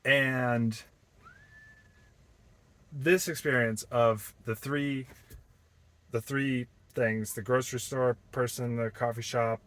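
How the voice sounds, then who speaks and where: A young man from Boston in a casual, reflective vlog, talking haltingly with many fillers and restarts. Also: medium pitch, a bit bright. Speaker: vlogger.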